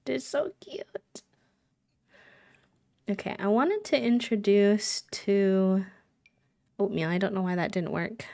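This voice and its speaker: A woman's voice: mid-range voice, measured pace, mellow. Giggly woman streaming a game. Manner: chatty and giggly, coos fondly at the characters. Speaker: live streamer. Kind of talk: casual chat while playing a life-sim game.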